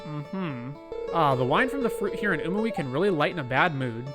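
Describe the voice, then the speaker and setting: Man reading as a gentle young sorcerer brother. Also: on the high side, big pitch swings, moderate pace. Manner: gentle, apologetic. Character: young male sorcerer, caring brother and leader. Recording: loud game music behind.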